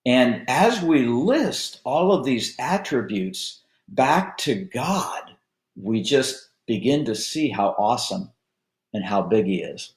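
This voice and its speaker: A male pastor leading a Bible study in an unhurried, conversational teaching manner with frequent filler words. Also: mid-range voice, sing-song, echoey room.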